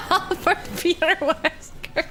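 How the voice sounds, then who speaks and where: A woman's voice: very high-pitched, steady tone, slow pace, pushed and bright. A young woman playing a co-op game, giggly and exclaiming in disbelief. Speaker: co-player. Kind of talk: casual gaming chat.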